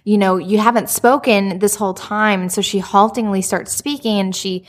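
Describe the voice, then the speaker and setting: A woman in casual chat, retelling a story in an animated way with lots of "like" and acted-out quotes. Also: medium pitch, normal speed. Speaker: book discussion co-host.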